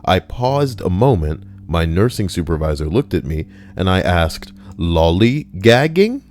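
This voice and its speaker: A man's voice: lively intonation, normal speed, darkish tone, a little hiss or hum. A man reading stories aloud on a live stream, joking and chatting with his viewers between entries, often slipping into silly voices. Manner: jokey, breaks into squeaky silly voices.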